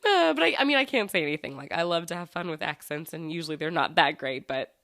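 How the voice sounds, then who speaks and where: Chatty, gushing woman podcast host, low voice. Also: animated, quick pace, a bit bright, dry recording, studio quality. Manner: chatty and rambling, with many fillers and restarts; enthusiastic, gushing. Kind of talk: casual solo podcast chat.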